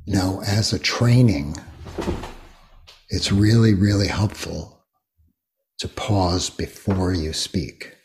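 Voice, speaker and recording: An older man guiding a meditation talk, speaking slowly and gently with many long pauses. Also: low-pitched. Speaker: meditation teacher. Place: retreat hall.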